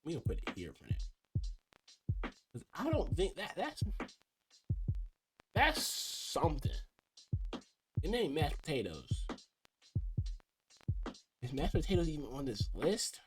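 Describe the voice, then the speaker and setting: A man's voice: a little high, huge pitch swings, slow, long pauses. A young man talking casually as he ranks food, rambling and restarting his sentences. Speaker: video creator ranking food. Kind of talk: casual commentary. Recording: music playing behind.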